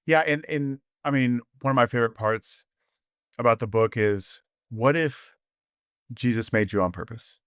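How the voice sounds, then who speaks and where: A man's voice: medium pitch, moderate pace, smooth, no echo, clean studio sound. A man hosting a podcast, talking casually and enthusiastically, full of fillers and "you know" asides. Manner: acts out quoted dialogue in animated voices. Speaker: podcast host.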